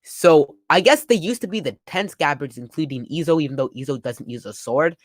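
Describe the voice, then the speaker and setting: A young man reading and reacting to a comic chapter in casual talk, excitable and full of "like". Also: a little high, brisk, no echo. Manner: excitable, summarizing panels with frequent "like". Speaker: manga reaction youtuber.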